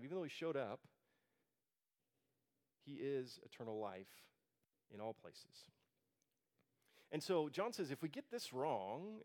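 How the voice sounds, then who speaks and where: A man's voice: medium pitch, darkish tone. A man preaching a sermon as a pastor, earnest, with frequent restarts and fillers.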